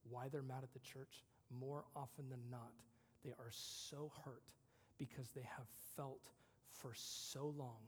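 A male pastor preaching a conversational sermon, moving between loud emphasis and hushed whispers. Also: medium pitch, level tone, a little slow, husky, big-room sound.

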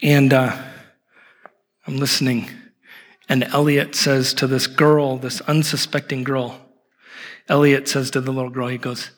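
A man in his thirties preaching a sermon at an evening church service, telling a story with humor and warmth. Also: mid-range voice, a little slow, pauses often. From Portland, Oregon. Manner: animated storytelling with self-deprecating humor. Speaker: pastor.

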